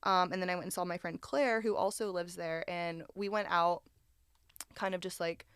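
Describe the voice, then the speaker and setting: Young woman, podcast co-host, casual storytelling, smooth voice, dry close sound. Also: fairly low pitch, steady tone, moderate pace, a bit bright, dry recording. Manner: chatty, swears freely, laughs often.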